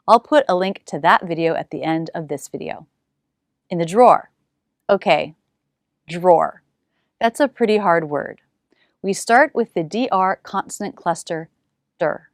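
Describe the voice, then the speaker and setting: Woman teacher drilling sounds slowly. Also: mid-range voice, animated, no echo, studio quality. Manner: slow, exaggerated demonstration of single sounds. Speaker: pronunciation teacher. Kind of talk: English pronunciation lesson.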